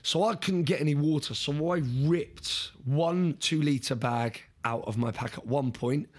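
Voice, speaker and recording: A man telling a story as an interview guest, in a casual, animated way, repeating words and restarting sentences. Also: on the high side, unhurried, husky.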